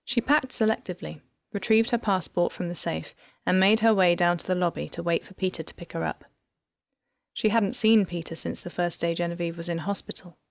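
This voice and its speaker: Woman, audiobook narrator, scripted narration, measured, gravelly, dry sound. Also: lowish voice, no room sound. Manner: even, measured storytelling.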